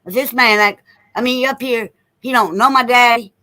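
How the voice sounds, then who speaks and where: A man's voice: very high-pitched, steady tone, normal speed, pushed and bright, no room sound, rough recording. A man telling a long story in casual chat, blunt and repeating himself as he goes. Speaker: co-host.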